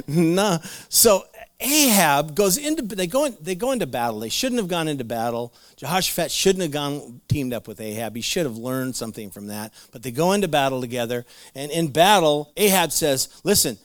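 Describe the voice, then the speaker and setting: A man's voice: a little high, expressive, brisk, few pauses, no echo, studio quality. A man preaching a conversational sermon, retelling Bible stories with playful asides and laughs. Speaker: pastor.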